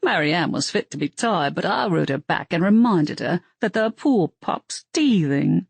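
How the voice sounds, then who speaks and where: A woman's voice: on the low side, animated, unhurried, gravelly, slightly rough, dry recording, full character voice. A woman voicing a cheerful male werewolf family man who rambles on about his kids. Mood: chatty.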